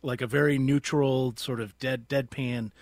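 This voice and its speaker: A man hosting a public radio call-in show, relaxed and friendly as he banters and takes calls. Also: mid-range voice, unhurried, no room sound, studio quality.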